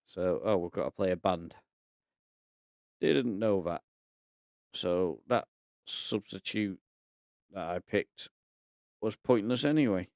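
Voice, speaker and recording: Low-voiced man thinking aloud. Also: takes it slowly, pauses often, no echo, clean studio sound. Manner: thinking aloud, relaxed and chatty. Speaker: gaming YouTuber. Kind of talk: casual game commentary.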